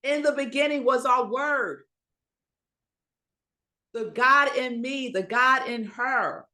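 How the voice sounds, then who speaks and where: A woman minister preaching a Sunday sermon, slow and emphatic, asking the congregation rhetorical questions and pausing for effect. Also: sits high, bright, forceful tone.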